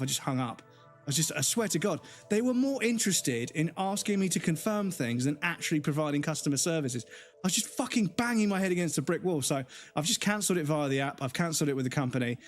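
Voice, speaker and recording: An irritated man vents in a long, profane rant during a casual game stream. His voice sits a little on the high side. Soft game music plays underneath. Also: lively intonation, brisk. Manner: angry, profane ranting. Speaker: gaming streamer.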